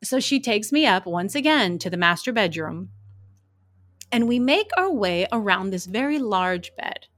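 A woman who works as a crime scene investigator, casually telling wry, animated stories from her work. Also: medium pitch, unhurried. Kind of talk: casual anecdotal storytelling.

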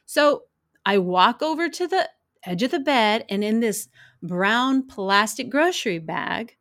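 A woman with a slightly high-pitched voice tells stories from her work as a crime scene investigator in a casual, chatty way. She is animated and wry, and laughs as she tells them. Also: measured pace. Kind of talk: casual anecdotal storytelling.

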